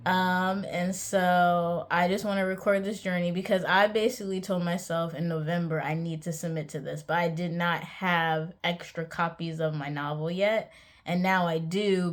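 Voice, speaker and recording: A young adult woman vlogging casually about her writing, chatty and hesitant with many ums. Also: on the low side. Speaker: author vlogger. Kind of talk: casual vlog monologue.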